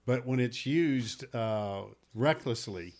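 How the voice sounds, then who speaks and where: A man in his fifties co-hosting a sports talk show. He speaks at a medium pitch and drives home blunt opinions with emphasis. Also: slow, darkish tone. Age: 50s. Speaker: sports radio co-host.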